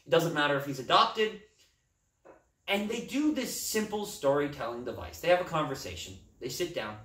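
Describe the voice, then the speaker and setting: Excited man gushing about a film. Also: fairly high pitch, moderate pace. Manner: enthusiastic, rambling film gushing. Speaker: podcast co-host. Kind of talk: casual movie chat. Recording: echoey room, distant mic.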